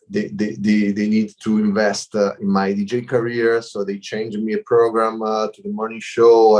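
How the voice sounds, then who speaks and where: A middle-aged man with an Italian accent, a DJ guest on a video call, speaking in halting English and often repeating words. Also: on the low side, darkish tone. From Italy. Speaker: DJ and producer guest. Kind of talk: casual interview. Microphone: computer mic over a video call.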